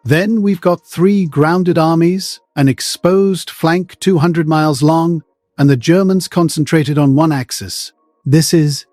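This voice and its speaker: A man voicing a calm, steely middle-aged American general who speaks quietly and firmly. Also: a little high, dry recording, soft background music, close to an everyday voice. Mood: tense. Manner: quiet, measured, firm.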